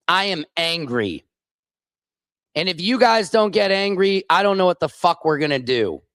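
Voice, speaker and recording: Furious, slow-spoken male comedian ranting. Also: high voice, a bit bright, no room sound. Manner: furious, profane, emphatic. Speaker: comedian and show host. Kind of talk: angry political rant on a stream.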